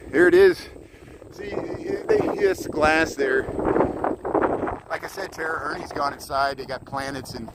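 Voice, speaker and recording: Casual male streamer, winded from pedaling, greets his viewers, gusty outdoor mic. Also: fairly high pitch. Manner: chatty, greets viewers by name. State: out of breath from cycling. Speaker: live streamer. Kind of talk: live-streamed city tour. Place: outdoors by a lakefront, riding a bike. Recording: outdoor wind noise on the mic. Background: wind noise.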